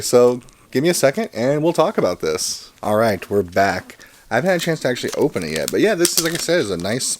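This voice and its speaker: A man in his thirties talks through an unboxing in a relaxed, rambling way, pausing on fillers and jumping between thoughts. His voice sits fairly low and he sounds genuinely excited about what he finds. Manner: chatty, rambling, enthusiastic. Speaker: comic collector and channel host. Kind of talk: casual unboxing vlog.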